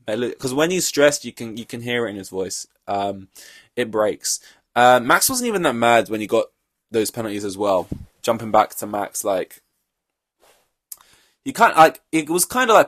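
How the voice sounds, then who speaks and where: A young man hosts a solo podcast, reacting to a race in an offhand, rambling manner and swearing freely. His mid-range voice is a bit bright, recorded at studio quality with no echo.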